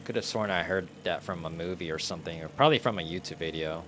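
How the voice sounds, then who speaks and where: A young man streams gameplay with casual commentary, muttering to himself, frequently confused, and cursing quietly. He speaks quickly in a low-pitched voice with a fairly bright tone, over a slight hiss or hum.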